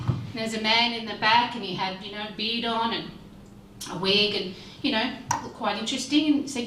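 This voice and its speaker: High-voiced woman telling a joke from afar. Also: fairly even intonation, moderate pace, sharp tone, slight background noise. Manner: acts out a game-show host voice. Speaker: comedian. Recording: echoey, from a distance, faint ambience.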